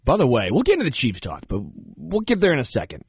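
A man in casual studio banter, spinning rambling, animated stories as the show's host. His voice sits a touch high. The sound is dry and close, with no room around it. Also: quick pace, slightly rough, no echo. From Kansas City area. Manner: rambling, animated storyteller who jumps into funny voices. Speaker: radio show host.

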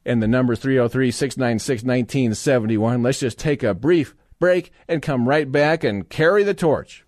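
A man hosting talk radio from a dry, close-miked studio. His monologue wanders and often turns sarcastic, mocking as he goes, in a mid-pitched voice. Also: normal speed, darkish tone, no room sound. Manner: sarcastic, rambling, mock-indignant asides. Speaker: radio talk show guest host. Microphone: studio microphone.

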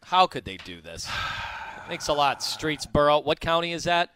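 A man co-hosting a sports radio show, joking and teasing his partner with a lively, playful delivery. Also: a little high, normal speed, a crowd in the background. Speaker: radio co-host. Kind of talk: casual sports radio banter.

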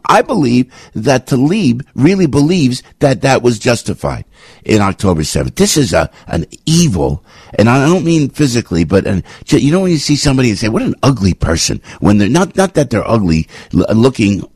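A man's voice: medium pitch, very animated, normal speed, darkish tone, breathy edge, dry recording, clean studio sound. A man hosting a talk radio show, giving rambling, indignant commentary with lots of restarts.

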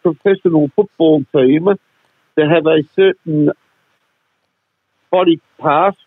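A man's voice: on the high side, steady tone, husky, no echo. A man telling jokes and stories in radio banter, heard over a phone line. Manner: joking, drawn-out storytelling. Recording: tinny dry phone line.

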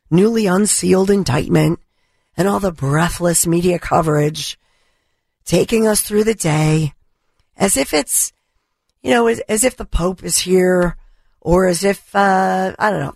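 A middle-aged woman hosting a talk radio show, her voice hoarse from allergies, delivering an impassioned, indignant monologue. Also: mid-range voice, a little mellow, no room sound, studio quality. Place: radio studio. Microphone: studio microphone.

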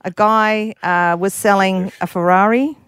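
A woman's voice: medium pitch, steady tone, measured pace, fairly bright tone, clear, resonant tone, dry recording, clean studio sound. A woman, co-hosting a radio show in casual, teasing banter and telling stories with easy laughs. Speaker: radio co-host.

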